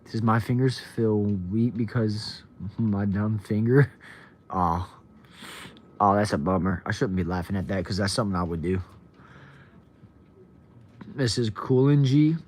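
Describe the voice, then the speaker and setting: A man's voice: fairly low pitch, measured pace, pauses often, darkish tone. A young man from Texas, casually chatting on a livestream, reading viewer comments aloud and greeting people by name. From Texas, USA. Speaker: livestream host.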